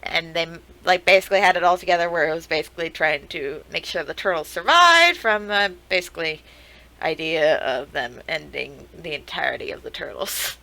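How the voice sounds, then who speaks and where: Young woman streamer, bright voice, swears freely and shouts at the screen, reaction-stream energy. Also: fairly low pitch, normal speed, creaky, poor audio. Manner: excitable, swearing, laughing, talking to the screen. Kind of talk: casual reaction commentary.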